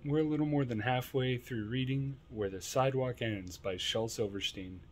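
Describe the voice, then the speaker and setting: A man reading children's poems aloud to his son, in a deliberate, playful read-aloud manner. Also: mid-range voice.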